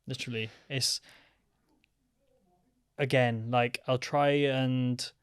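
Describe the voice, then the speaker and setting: A man's voice: mid-range voice, fairly even intonation, takes it slowly, clear, resonant tone, dry recording, studio quality. A young man chatting casually as a podcast guest, rambling with lots of fillers. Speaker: podcast guest, freelance photographer. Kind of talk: casual chat.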